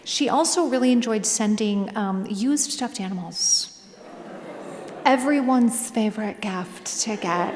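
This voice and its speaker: A woman with a Minnesota accent telling comic stories to an audience in a lively, animated way, often laughing through her lines. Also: mid-range voice, measured pace. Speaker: author speaking at a library event. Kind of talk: humorous live storytelling talk. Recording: reverberant hall with clear background noise.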